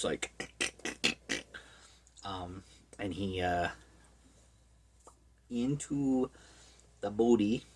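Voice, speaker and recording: A horror book reviewer giving a rambling, deadpan, casual recap of a book, with many asides. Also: low voice, slightly rough.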